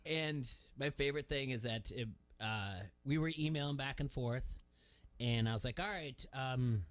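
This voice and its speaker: A male sports radio host talks through a long, wandering story, laughing as he goes. His voice sits in a middle pitch. The studio sound is close and dry. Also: normal speed, no echo. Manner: rambling storyteller, laughs often. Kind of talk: casual chat.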